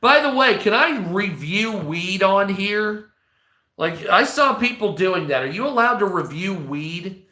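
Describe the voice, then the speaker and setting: Swearing, rambling guy in his 40s on a livestream, bright voice in an echoey room. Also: high-pitched, expressive, a little slow. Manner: profane, rambling ranting. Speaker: livestream host. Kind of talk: casual livestream monologue.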